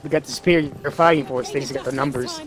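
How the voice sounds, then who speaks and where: A man chatting casually while playing a game with a friend, giving quick tactical remarks. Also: medium pitch, heavy background noise. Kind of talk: casual gaming chat.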